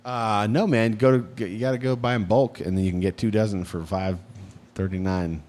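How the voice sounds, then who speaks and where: A man's voice: lowish voice, steady tone, brisk. An American man co-hosting a podcast, joking around in casual banter with bursts of mock outrage. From United States. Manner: jokey, loud outbursts, mock indignation. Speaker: podcast co-host.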